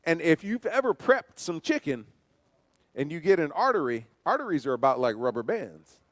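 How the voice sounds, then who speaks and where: A man's voice: a little high, very animated, moderate pace, clean studio sound. A man giving a church safety training talk, conversational, asking rhetorical questions and telling personal stories. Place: church hall. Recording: long reverb of a large hall.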